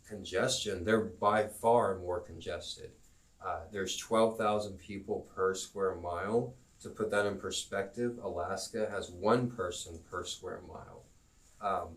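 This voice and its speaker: A man teaching a live-streamed geography lesson, rambling and halting, with self-promoting asides. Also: deep voice, distant mic.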